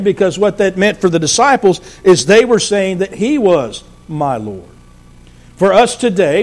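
Man, high-pitched, sermon preacher, emphatic, phrases trail off low and quiet. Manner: explains scripture verse by verse.

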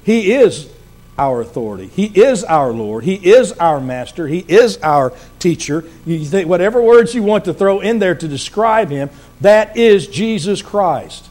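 A man preaching a sermon, explaining scripture verse by verse and landing his points emphatically, often trailing off quietly at the end of a phrase. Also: sing-song, measured pace. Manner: emphatic, drops to quiet low endings.

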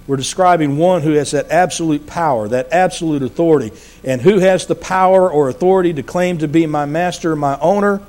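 High-voiced man preaching a sermon. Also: a little fast. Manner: emphatic, drops to quiet low endings; explains scripture verse by verse.

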